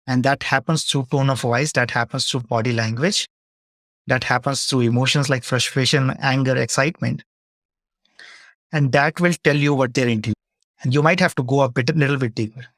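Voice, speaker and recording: A man's voice: medium pitch, steady tone, moderate pace, a bit bright, no room sound, clean studio sound. A man speaking as a leadership coach, answering audience questions in a webinar and explaining his points through example dialogues.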